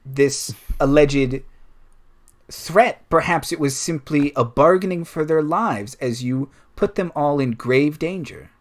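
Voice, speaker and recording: A man's voice: on the high side, slow. A man voicing a stern male official who cross-examines a witness with a put-on accent in a tabletop game. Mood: accusing. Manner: probing, formal questioning.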